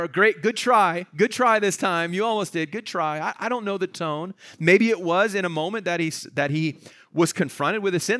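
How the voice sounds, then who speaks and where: Animated male preacher, slightly high voice. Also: dry recording. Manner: animated, acts out the dialogue of a reading in voices. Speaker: pastor. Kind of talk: sermon.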